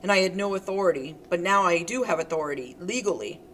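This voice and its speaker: A woman's voice: fairly low pitch, quick pace, slight background noise, natural voice. A woman voicing a grown man who sounds strained and cornered, earnest and defensive in manner, read in her own everyday voice. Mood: firm.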